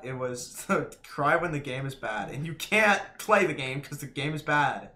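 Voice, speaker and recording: A man's voice: a little high, animated, moderate pace, pushed and bright. A man streaming a hard game live, swearing and laughing, his voice cracking. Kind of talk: live gameplay commentary.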